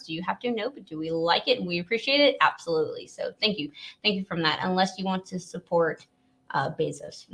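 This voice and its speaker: A woman's voice: medium pitch, fairly bright tone. A woman from Louisiana, hosting a casual live stream and chatting in a rambling way, laughing often.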